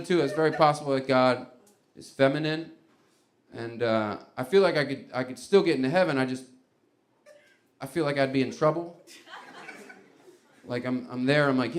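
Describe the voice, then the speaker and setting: A man's voice: medium pitch, normal speed, pauses often, slight background noise. Rambling stand-up comedian, man. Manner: rambling, conversational, laughing at his own bits. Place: comedy club stage before a live audience.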